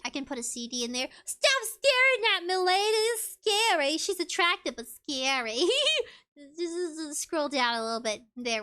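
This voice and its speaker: A woman's voice: sits high, pushed and bright. A woman VTuber chatting casually on a livestream, reading viewer comments aloud in a bubbly, giggly way. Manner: bubbly and giggly, with frequent laughs. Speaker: VTuber streamer.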